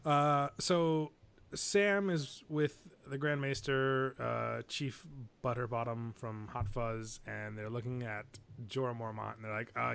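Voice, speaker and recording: A young man with a gravelly edge to his voice, co-hosting a podcast. He recaps a TV episode in loose, rambling casual chat, often restarting his sentences. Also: medium pitch, fairly even intonation, takes it slowly, fairly bright tone. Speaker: podcast co-host.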